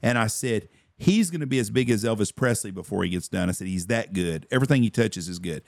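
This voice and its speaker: A man, a podcast host telling a profane, animated story in casual chat. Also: lowish voice, quick pace, creaky, no echo, studio quality. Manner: profane, animated storyteller who acts out quotes.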